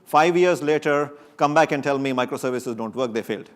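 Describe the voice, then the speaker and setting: Animated male conference speaker. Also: medium pitch, fairly quick. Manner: lively, joking, with sudden emphatic rises. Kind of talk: technical conference talk. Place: conference stage before an audience.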